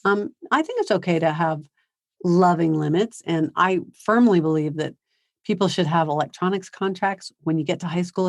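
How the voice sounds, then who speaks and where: A woman's voice: fairly low pitch, dry recording, studio quality. Conversational woman giving a parenting seminar. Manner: conversational, acts out soft empathetic phrases. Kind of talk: live seminar talk to parents. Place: high school seminar.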